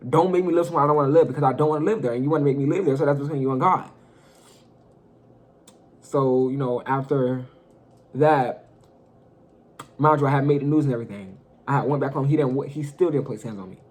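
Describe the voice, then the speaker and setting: A young man telling a personal story in a casual vlog, animated and profane, talking straight to his viewers. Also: mid-range voice, fairly quick. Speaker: storyteller vlogger.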